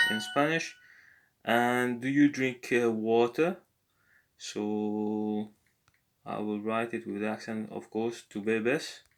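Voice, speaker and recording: A man tutoring a language lesson, talking slowly and hesitantly with many filler pauses. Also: mid-range voice. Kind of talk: screen-recorded app language lesson.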